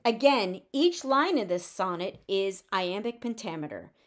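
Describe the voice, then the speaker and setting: A woman at a middle pitch gives a recorded poetry lecture. She explains each point in a clear, measured way. When she reads verse aloud, she slows down. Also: animated. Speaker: teacher.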